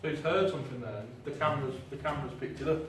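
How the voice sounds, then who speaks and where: A man's voice: mid-range voice, rapid-fire. Chatty man in an echoey hall. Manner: chatty, informal, self-deprecating with filler ums. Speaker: paranormal investigator giving a talk. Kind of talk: live presentation to an audience. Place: hall with an audience. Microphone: clip-on mic heard from a distance. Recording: very echoey hall, distant mic, noisy.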